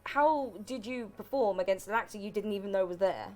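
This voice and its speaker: A woman hosting a livestream panel, playful and quick to laugh, acting out example lines. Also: mid-range voice, music in the background. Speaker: host.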